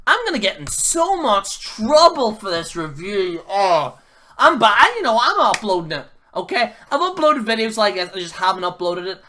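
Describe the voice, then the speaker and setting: Guy ranting on his channel, sharp bright voice, blunt, keeps repeating himself, lots of slang and ums. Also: high-pitched, very animated, normal speed, slight background noise. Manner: casual slang, fillers, restarts. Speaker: wrestling reviewer, channel host. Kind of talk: ranting video review.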